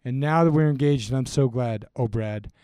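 A man's voice: mid-range voice, moderate pace, warm tone, clean tone, dry recording, close to an everyday voice. A man reading the part of a doting young woman who has just got engaged.

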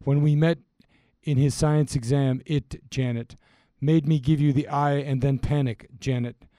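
An earnest young fellow speaking love lyrics as plain verse, as a man reads him in his own mellow voice. The sound is dry and close, with no room around it. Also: mid-range voice, steady tone, measured pace, dry recording, natural voice. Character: earnest young male groom-to-be.

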